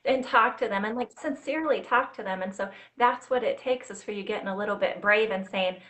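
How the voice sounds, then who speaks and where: A woman's voice: medium pitch, fairly quick, fairly bright tone. A woman hosting an interview over a video call, asking long run-on questions in an encouraging way. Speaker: host.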